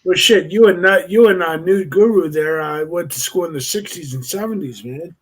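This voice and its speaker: Husky man in his forties. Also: sits high, moderate pace, poor audio. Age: 40s. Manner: blunt, swearing freely. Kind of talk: casual group chat.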